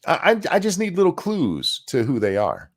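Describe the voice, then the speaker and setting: A man's voice: on the high side, huge pitch swings, moderate pace. A man co-hosting a casual podcast, ranting in a crude, mocking, profane way. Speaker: podcast co-host.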